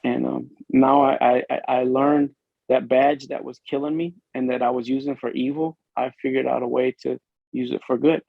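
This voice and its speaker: A police officer from Illinois speaks with a gravelly, fry-edged voice at an ordinary pitch, sharing an earnest and emotional testimony in a podcast interview. His speech halts and restarts as he works through the story. The recording is dull and lo-fi, with a dry, close sound. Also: little pitch movement, normal speed, dry recording. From Illinois, USA.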